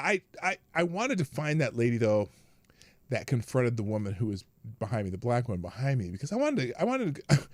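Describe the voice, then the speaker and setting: A man hosting a live stream, telling a story in a casual, animated way, acting out the other people's lines and laughing often. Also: medium pitch, no echo. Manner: animated, acts out quoted voices, laughs often. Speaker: livestream host.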